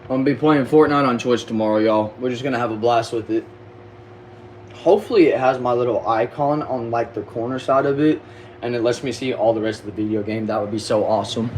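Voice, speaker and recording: A young Southern man from Texas chats loosely through his livestream comments, slangy and relaxed, tripping over words now and then. His voice sits at an ordinary middle pitch. A faint hum runs in the background. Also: a little fast, rough recording. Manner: laid-back, slangy, stumbles and repeats words. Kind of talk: casual livestream chat reading comments. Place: back shed.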